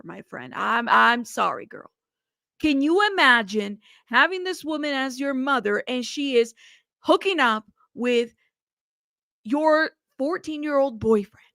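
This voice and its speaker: A woman's voice: high-pitched, expressive, slow pace, pushed and bright, no echo, studio quality. A woman hosting a true crime news livestream, outspoken and indignant, speaking straight to her viewers and cursing freely. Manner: outspoken and indignant, cusses, talks to her chat directly. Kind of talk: livestream commentary on a news case.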